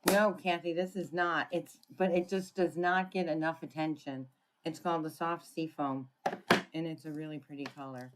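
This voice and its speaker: A woman giving a casual card-making tutorial, chatting and thinking aloud as she works, often clearing her throat. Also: sits low, fairly even intonation, normal speed. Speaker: papercraft demonstrator.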